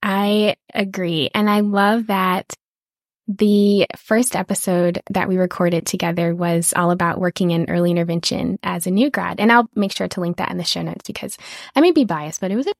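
A woman's voice: fairly low pitch, steady tone, moderate pace, gravelly, no echo, studio quality. A woman in her thirties hosting a podcast in casual chat, upbeat and gushing, laughing often. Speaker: podcast host.

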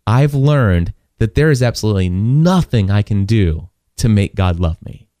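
Halting, deep-voiced man sharing his faith. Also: lively intonation, dark tone, no echo, clean studio sound. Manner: halting, repeats words, voices people in his stories. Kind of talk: casual faith talk with storytelling.

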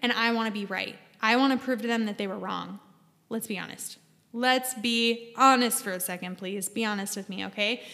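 A woman's voice: mid-range voice, normal speed, creaky, bright, forceful tone, long reverb tail. A woman hosting a podcast, giving earnest, emphatic advice straight to her listeners in a casual monologue. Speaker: podcast host.

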